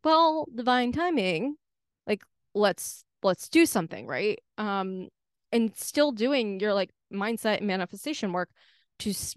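A woman's voice: mid-range voice, clean tone, no echo, studio quality. A young woman hosting a solo podcast, chatty and upbeat, filling her talk with "like" and "right?". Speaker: podcast host.

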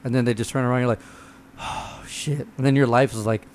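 A relaxed man talking games with friends, slangy and loose with his swearing. His voice sits at a medium pitch, with a faint ambient hiss behind it. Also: rapid-fire. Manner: laid-back, profane, slangy. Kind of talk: casual gaming chat among friends.

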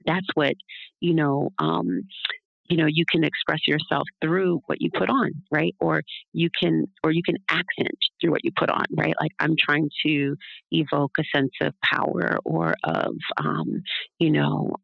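Speaking with vocal fry in a low voice, a doula appears as an interview guest, rambling casually and frequently adding tag questions to check in. The recording is dry, dull, and lo-fi.

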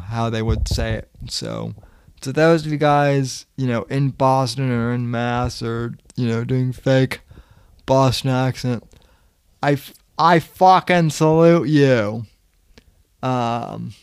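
A man's voice: medium pitch, clean tone, no room sound. A young man hosting a podcast, rambling casually with many fillers and the odd swear. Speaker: podcast host.

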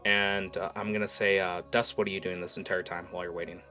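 A man narrating a tabletop role-playing game as game master, with lively scene-setting and frequent fillers. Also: low-pitched, fast talker, faint music behind.

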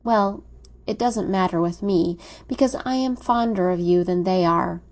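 A woman voicing a charming, scheming young man who speaks smoothly and persuasively. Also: lowish voice, a little slow, a little mellow.

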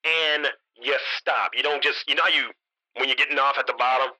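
A man's voice: medium pitch, steady tone, a little fast, pushed and bright, poor audio. A man co-hosting a podcast, casually rambling through crude banter and reading items aloud. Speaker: podcast co-host.

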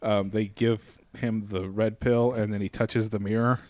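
A man's voice: on the low side, level tone, unhurried, darkish tone, dry recording. Rambling man co-hosting a comedy podcast. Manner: rambling, laughs along. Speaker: podcast co-host. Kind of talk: irreverent comedic banter.

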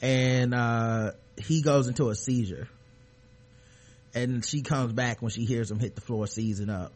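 Speaking unhurriedly in a mid-range voice, this male podcast host goes over a TV episode in a laid-back conversation. He swears as he animatedly retells the action and performs the characters' lines.

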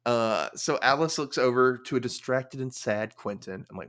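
A young man hosting a podcast, casually recapping an episode with animated storytelling and wry quoted asides. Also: medium pitch, moderate pace. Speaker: podcast host.

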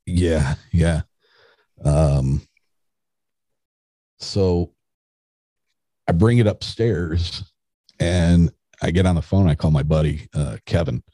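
A man's voice: deep voice, slow, pauses often, warm tone, dry recording. A middle-aged man, a podcast guest, telling a story in a rambling casual way with restarts.

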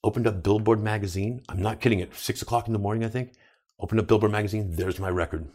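A man's voice: lowish voice, fairly even intonation, fast, darkish tone. A man in his fifties, a podcast guest telling profane stories in casual talk and acting out what people said. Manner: profane, acts out quoted dialogue. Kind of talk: casual interview storytelling.

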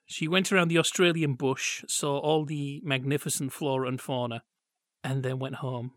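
A man's voice: medium pitch, little pitch movement, moderate pace, no echo, clean studio sound. A man co-hosting a podcast, chatting and joking about old children's TV and acting out quotes. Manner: chatty, jokey, acts out quotes. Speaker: podcast co-host. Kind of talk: casual chat reviewing old TV.

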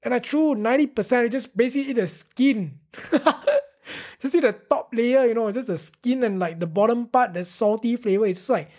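A woman's voice: fairly high pitch, moderate pace, a little mellow. A young woman, hosting a casual solo podcast, talking candidly and rambling, full of fillers and the odd curse. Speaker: podcast host.

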